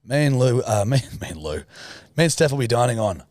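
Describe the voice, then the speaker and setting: A man's voice: medium pitch, sing-song, fairly quick, a little mellow, dry recording, studio quality. A man, co-hosting a podcast in blunt, teasing casual chat. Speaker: podcast co-host.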